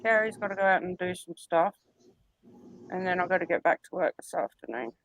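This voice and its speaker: A woman's voice: fairly low pitch, brisk, highs cut off, slight background noise. A woman, co-hosting a casual live chat stream and laughing easily as she tells stories. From Australia. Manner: chatty, laughs easily, animated storytelling.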